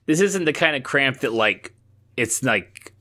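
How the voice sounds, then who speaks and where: A man co-hosting a podcast, telling stories in a rambling, profane and animated casual chat. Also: medium pitch, measured pace. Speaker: podcast co-host.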